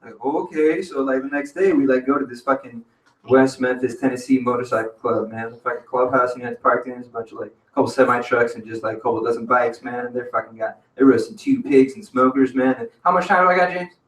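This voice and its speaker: A man's voice: medium pitch, steady tone, fast, a bit bright. Rambling man, casual storyteller full of swearing and slang, mic at a distance in an echoey cafe. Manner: profane, rambling, peppered with "man" and "dude". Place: cafe open mic stage. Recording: roomy venue audio from a distance.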